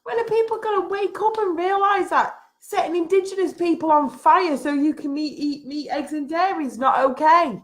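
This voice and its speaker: A woman's voice: high-pitched, moderate pace, hardly any pauses, a bit bright. A woman vlogger at home giving a frustrated, emphatic rant to camera, repeating her points. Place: at home, having just got out of bed.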